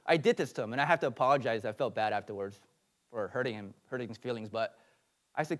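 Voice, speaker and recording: A man's voice: medium pitch, quick pace. A man, a pastor, giving an earnest teaching sermon with fillers and personal asides.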